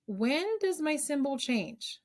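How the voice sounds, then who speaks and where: A woman's voice: high voice, expressive, slow pace. A woman math teacher leading an online class over a video call, coaxing students with call-and-response questions.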